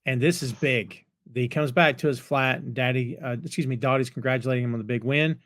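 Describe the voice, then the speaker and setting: A man hosting a casual review chat, retelling scenes with animated storytelling and acted dialogue. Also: medium pitch, a little fast, no room sound, clean studio sound. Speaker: podcast host.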